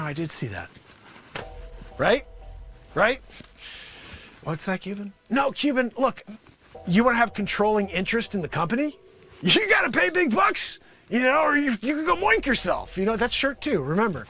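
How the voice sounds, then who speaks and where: A man hosts a live improv comedy show, riffing as an over-the-top pitchman in a high, wildly swooping voice. His delivery is rambling and sarcastic, jumping from shouted bursts to low mutters. The tone is bright and edgy. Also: big pitch swings, normal speed. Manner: manic, rambling, sarcastic, swings between loud outbursts and mutters. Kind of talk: improvised comedy bit, pitching a product to investors.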